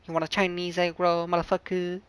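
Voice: mid-range voice, little pitch movement, moderate pace, fairly bright tone, clear, resonant tone, close to an everyday voice. A friend doing a foul-mouthed fake-accent caricature. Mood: hostile. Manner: crude exaggerated fake accent, cursing. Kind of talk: voice-chat prank banter.

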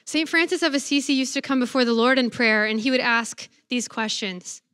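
A woman, a religious sister, giving a faith talk to students. She reads scripture slowly and reverently and tells stories playfully. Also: a little high, a bit bright, clear, resonant tone, no echo.

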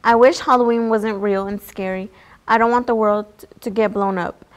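A woman's voice: mid-range voice, steady tone, normal speed, lightly acted. A woman reading the lines of an eager young boy hero in her own plain voice.

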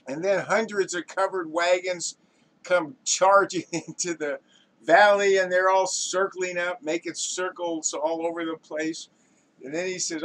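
Animated male joke teller. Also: sits high, measured pace, poor audio. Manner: animated storytelling, acts out the characters' voices. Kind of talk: telling a joke.

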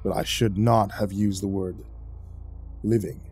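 A man voicing a stern older male caretaker boss with a heavy Eastern European accent, speaking slowly and gravely. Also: fairly low pitch, flat delivery, darkish tone, faint music behind, pitched below the performer's own voice. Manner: grave, slow, commanding.

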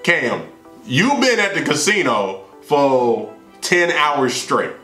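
A man's voice: mid-range voice, very animated, slow pace, bright, forceful tone, voice pushed down, exaggerated voice. A man voicing his blunt female friend on the phone, in a plain, matter-of-fact way, recorded in a roomy space with faint music. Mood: scolding.

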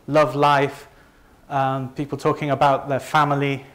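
A man's voice: medium pitch, monotone, a little slow, fairly bright tone. A man from Leeds with a Northern English accent, giving a conversational, self-deprecating presentation to a live audience. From north of England. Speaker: company presenter.

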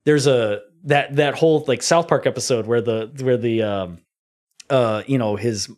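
A man guest on a podcast, telling stories in casual chat with animated delivery and playful put-on accents. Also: mid-range voice, a little slow. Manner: animated storytelling, puts on mock German voices.

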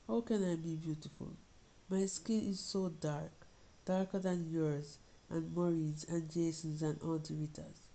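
Woman reading as an anxious young girl, gravelly. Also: on the low side, dark tone, rough recording. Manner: earnest, pleading, confiding. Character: young Jamaican girl writing to her mother, anxious. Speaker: reader of a short story. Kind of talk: storybook reading in a child's voice.

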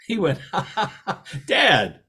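A middle-aged man with a lively, anecdotal way of talking, telling stories in a talk and acting out the quoted voices. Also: sits high, very slow, husky. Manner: animated, anecdotal, laughs at his own stories, acts out quotes. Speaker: author and podcast host giving a talk. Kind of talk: storytelling talk.

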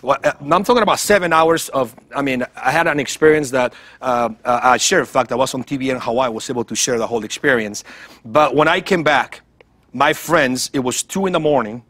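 A man giving a heartfelt, animated testimony as a guest in a TV interview, acting out other voices as he tells it. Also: mid-range voice, a little fast. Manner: animated storytelling, acts out voices, repeats words. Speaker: guest evangelist.

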